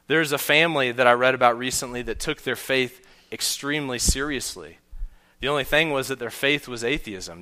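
A man preaching a sermon earnestly, often letting his voice drop soft and low on key points. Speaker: pastor.

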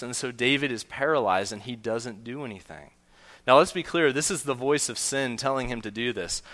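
A man preaching a sermon earnestly, often letting his voice drop soft and low on key points. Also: brisk. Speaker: pastor.

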